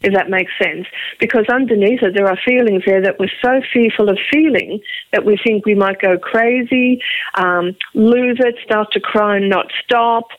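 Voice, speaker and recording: Woman from Liverpool, psychotherapist guest, animated, emphatic, tinny phone sound, dry. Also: medium pitch, moderate pace, no room sound. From Liverpool, England. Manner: animated, emphatic, acts out quotes. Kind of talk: conversational interview storytelling.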